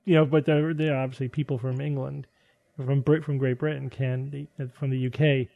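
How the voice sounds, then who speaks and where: A man hosting a casual panel chat, talking in quick bursts with many restarts. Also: mid-range voice, flat delivery, creaky, highs cut off. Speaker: host.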